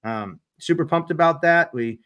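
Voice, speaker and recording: A man's voice: fairly high pitch, normal speed, fairly bright tone. A man co-hosting a podcast, telling a self-deprecating paintball story in a casual way. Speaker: podcast co-host and paintball player.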